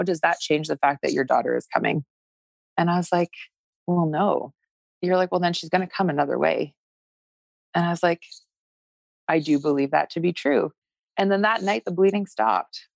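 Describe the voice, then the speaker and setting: Gravelly-voiced woman telling her story. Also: on the low side, no room sound. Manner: animated, acts out her own past thoughts. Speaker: guest sharing her fertility story. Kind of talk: emotional personal storytelling.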